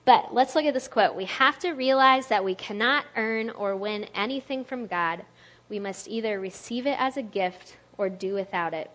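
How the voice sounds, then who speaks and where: A woman giving a casual, conversational sermon to a youth group, chatty and quick to laugh, with lots of "like" in her speech. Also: mid-range voice, a bit bright, dull audio. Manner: chatty, laughs often, uses "like" a lot. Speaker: speaker at a church youth talk.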